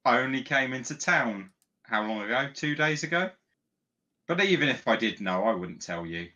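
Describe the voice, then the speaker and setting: A man plays a tabletop game online and answers in character with wry defiance. His voice sits at an ordinary middle pitch. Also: expressive, moderate pace, pushed and bright, dull audio. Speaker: player. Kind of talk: tabletop role-play.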